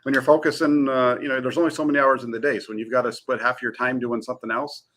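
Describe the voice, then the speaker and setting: A man's voice: mid-range voice, fast. A man co-hosting a sports talk show, talking eagerly with lots of fillers. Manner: eager and energetic, frequent fillers. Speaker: sports reporter co-host.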